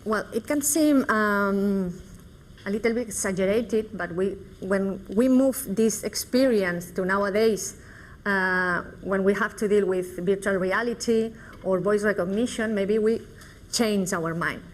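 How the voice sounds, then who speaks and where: A woman giving a conference talk in a measured, explanatory way with pauses. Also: medium pitch, slight background noise. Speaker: lecturer. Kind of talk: conference presentation.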